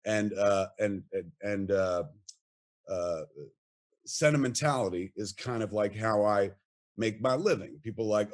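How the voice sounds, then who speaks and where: A man's voice: on the low side, unhurried. A middle-aged man, a podcast guest telling rambling, profane anecdotes full of acted quotes. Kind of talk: animated storytelling.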